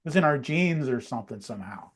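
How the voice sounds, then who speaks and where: A man who works in the glass trade, talking in a relaxed, reflective way on a casual livestream and often trailing off quietly. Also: mid-range voice, fast, slightly rough.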